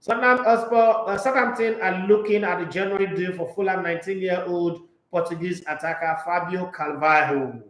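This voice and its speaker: A man hosting a solo sports talk show, reading transfer news aloud and breaking into animated, mocking rants. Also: high-pitched, normal speed, few pauses, roomy sound, rough recording.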